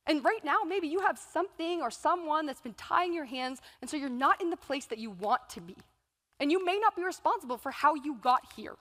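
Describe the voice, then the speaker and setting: Her voice sits high with a touch of brightness as this thirty-something keynote speaker addresses a big event hall. Storytelling drives the motivational talk, with her own inner voices and quotes acted out, all wrapped in the room's lengthy reverb.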